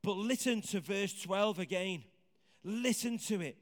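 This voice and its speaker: A man preaching a sermon in a conversational, animated way, asking the congregation questions. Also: high voice, unhurried. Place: church hall with congregation. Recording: hall reverb.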